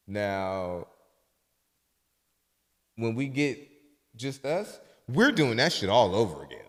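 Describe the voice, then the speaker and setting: A man hosting a podcast, telling stories in a loose, profane, casual way that often drops soft and low. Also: big pitch swings, takes it slowly, long pauses, in a large hall. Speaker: podcast host.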